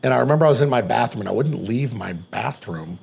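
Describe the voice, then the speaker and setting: Gravelly man telling a rambling story. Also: medium pitch, expressive, quick pace, a little mellow. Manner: rambling, profane, many "like" fillers. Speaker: podcast guest. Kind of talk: casual personal storytelling.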